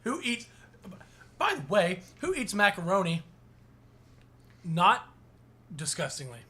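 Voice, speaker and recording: A young man co-hosting a casual podcast, blurting interjections and quick apologies, often leaning back from the mic. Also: sits high, sing-song, sharp tone. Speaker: podcast co-host. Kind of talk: casual chat.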